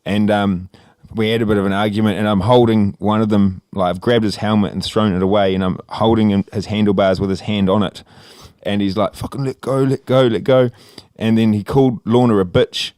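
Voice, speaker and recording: Young australian man, low voice, dry close sound, rambling, laughing, swearing. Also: fairly even intonation, a little fast, few pauses, a little mellow, smooth, no room sound. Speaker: podcast co-host. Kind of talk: casual storytelling chat.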